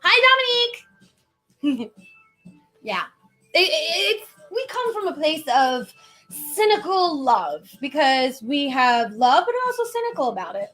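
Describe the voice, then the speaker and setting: High-voiced chatty woman podcast host. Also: big pitch swings, measured pace, a bit bright, faint music behind. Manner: chatty, laughs often, playful. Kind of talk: casual chat.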